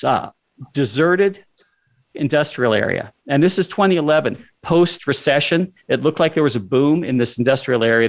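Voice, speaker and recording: A man telling a personal story as a guest in a casual conversation, acting out his own lines of dialogue along the way. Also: mid-range voice.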